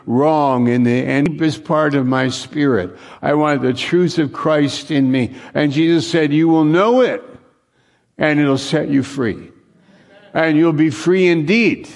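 Slow gravelly-voiced male preacher. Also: medium pitch, darkish tone. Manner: conversational, repeats phrases for emphasis. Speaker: pastor. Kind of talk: sermon.

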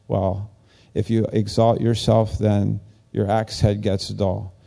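A man preaching in a loose, chatty way, his voice gravelly with a dark, mellow tone. He talks slowly and rambles, breaking into higher, lively voices when he acts out what others say. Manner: animated, rambling, acts out quoted lines in a higher voice. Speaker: pastor. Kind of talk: casual conversational sermon.

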